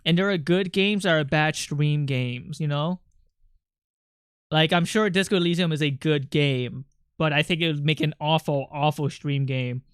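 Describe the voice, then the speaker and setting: A livestreamer chatting casually with viewers, rambling and excitable, jumping from topic to topic. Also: mid-range voice, normal speed, clear, resonant tone, dry recording, studio quality.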